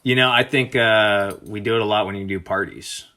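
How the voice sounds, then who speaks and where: A man joining as a guest on a video call, answering in an easygoing, relaxed way. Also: fairly low pitch, brisk. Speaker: guest, service director. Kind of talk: casual interview chat.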